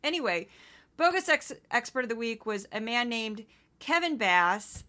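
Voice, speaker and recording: A woman from Missouri hosting a solo news-commentary podcast, talking in an indignant, conversational way with quick asides. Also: a little high, big pitch swings, bright, forceful tone. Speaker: podcast host.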